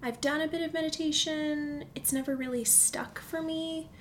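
A woman hosting a casual solo podcast from a comfy chair at home, chatty and excitable, often dropping to a near whisper. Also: sits high, moderate pace, slight background noise. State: recovering from illness, walking with a limp. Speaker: podcast host. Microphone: studio microphone.

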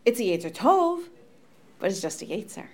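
A woman's voice: medium pitch, moderate pace. A woman in a casual discussion who tells a story and acts out the voices of the people in it. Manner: animated storyteller acting out quoted voices.

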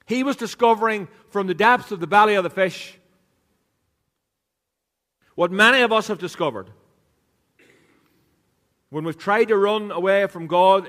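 A man preaches into a microphone in a tone that is a touch high for a man. His delivery is chatty and jokey, with teasing asides to his listeners. The sound carries a long reverb from the church hall around him. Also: fairly bright tone. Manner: conversational and joking, with a teasing aside to the congregation. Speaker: pastor. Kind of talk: sermon.

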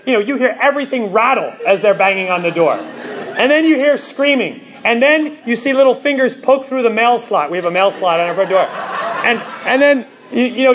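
A male pastor preaching a sermon in a conversational, story-driven way, with lots of "you know" and sudden loud bursts for emphasis. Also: high voice.

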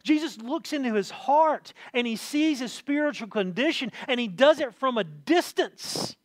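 A man preaching a sermon, animated, often repeating words as he swings between quiet asides and loud emphasis. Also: extremely high pitch, moderate pace, dry recording, studio quality.

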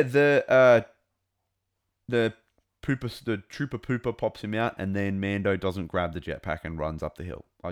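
A low-voiced man with an accent close to New Zealand hosts a casual fan commentary podcast. He talks in a rambling, enthusiastic way, full of fillers and restarts. The sound is dry and close. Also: clean tone, no room sound. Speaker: podcast host.

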